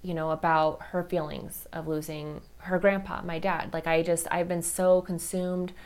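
Soft-spoken woman telling a personal story. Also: lowish voice, little pitch movement, moderate pace. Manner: chatty, heavy use of "like" and "you know"; soft and tender when talking about grief. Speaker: podcast host.

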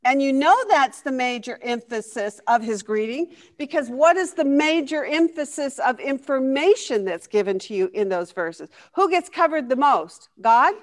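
A woman's voice: high-pitched, expressive, moderate pace, hardly any pauses. A woman leading a Bible study lesson, asking the class questions and reacting with enthusiasm.

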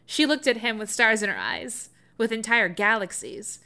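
A woman reading romantic fiction aloud in a soft, expressive storytelling voice, often laughing and breaking in with excited comments. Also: on the high side, moderate pace. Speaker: reader.

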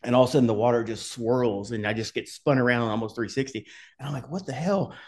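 A man's voice: medium pitch, steady tone, fast, darkish tone. A middle-aged man, a podcast guest, telling rambling stories in casual talk, swearing and laughing along the way. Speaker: podcast guest, former Army skydiver. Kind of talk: casual storytelling.

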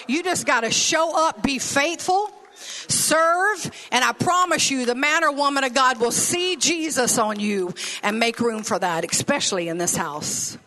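A woman's voice: high-pitched, animated, moderate pace, bright, forceful tone. A woman preaching a sermon with folksy phrasing and laughing asides.

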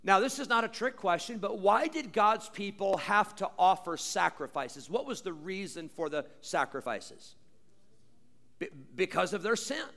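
A male pastor preaching a sermon, pressing points with rhetorical questions and repetition, swinging between loud drawn-out emphasis and low quiet asides. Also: expressive, gravelly, big-room sound.

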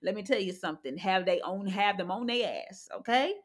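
A woman's voice: mid-range voice, fairly quick, crowd noise. A woman in casual chat, blunt and joking, talking in slang.

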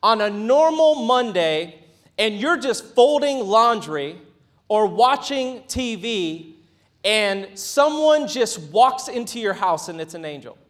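A man preaching a sermon in a casual, conversational way, with playful asides, acted-out quotes and rises to a shout at high points. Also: sing-song, slow pace. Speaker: pastor.

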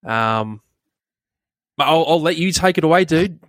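Laid-back podcast host. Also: male voice, on the high side, animated, a little slow, a bit bright, no room sound, studio quality. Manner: laid-back, says mate and dude a lot. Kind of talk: casual interview chat.

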